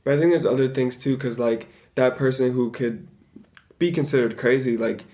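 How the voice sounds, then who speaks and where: A man's voice: mid-range voice, normal speed, dark tone. A man co-hosting a podcast, chatting casually in a rambling, hedging way. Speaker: podcast co-host. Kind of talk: casual chat.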